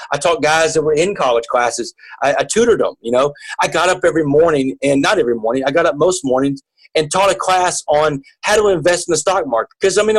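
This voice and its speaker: A man's voice: fairly high pitch, breathy edge, rough recording. A man as an interview guest, telling a personal story in an earnest way, often repeating and restarting his words.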